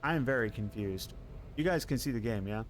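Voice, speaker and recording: A man streaming live gameplay, chatting casually with his viewers, quick to laugh and curse at what happens on screen. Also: mid-range voice, a little hiss or hum. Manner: excitable, laughs and swears at the game.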